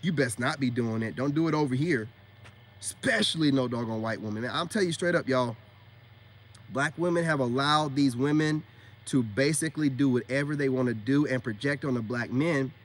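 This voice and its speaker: A man's voice: medium pitch, normal speed. A man in a ranting monologue to his viewers, blunt and scolding as he makes his points. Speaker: online commentator.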